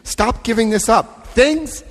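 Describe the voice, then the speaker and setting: A man giving a lively recovery talk to a live convention audience, acting out scenes and voicing quotes. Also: very high voice, takes it slowly. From United States. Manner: animated, acts out scenes, shifts voice for quotes. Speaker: AA convention speaker. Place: convention hall. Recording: long hall reverb.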